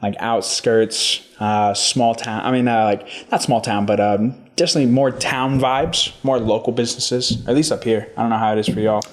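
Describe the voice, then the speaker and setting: A man's voice: mid-range voice, fairly even intonation, moderate pace, few pauses. A man hosting a podcast, chatting casually with loose swearing and jokes. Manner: laid-back, swears casually, joking. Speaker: podcast host.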